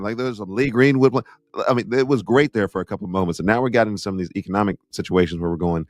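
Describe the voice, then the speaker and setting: A man's voice: on the low side, racing, dry recording, clean studio sound. A man co-hosting a casual podcast, playful and teasing, often stressing his words for emphasis. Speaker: co-host.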